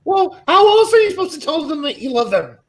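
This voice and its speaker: A man's voice: very high-pitched, sing-song, quick pace. A man on a casual podcast firing off crude, sardonic one-liners. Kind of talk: casual joking chat.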